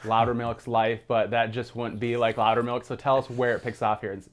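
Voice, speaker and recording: A man's voice: mid-range voice, flat delivery, a little fast. Male interviewer, upbeat and enthusiastic, casual questioning style. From Minneapolis area. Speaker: interviewer host.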